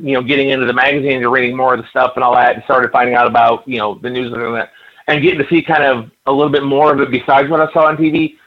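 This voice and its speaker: Rambling storyteller man, dull audio. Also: medium pitch. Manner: rambling anecdotal storytelling, stammers. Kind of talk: casual interview chat.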